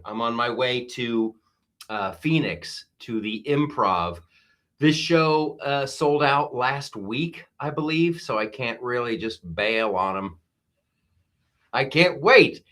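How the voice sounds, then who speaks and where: A man, a comedian, hosts a live stream and riffs excitably through casual commentary, with frequent fillers. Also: mid-range voice.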